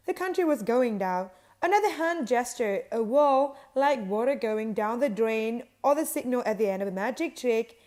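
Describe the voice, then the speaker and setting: A woman with a slightly raised pitch reads a news article aloud. Her delivery stays even and uninflected, and quoted lines come out in the same flat reading voice as the rest. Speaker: news reader.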